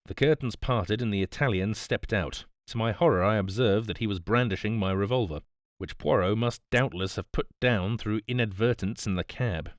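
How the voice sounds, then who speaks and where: A man narrating an audiobook in a calm, measured storytelling voice on a close mic. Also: lowish voice, dry recording. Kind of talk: scripted narration.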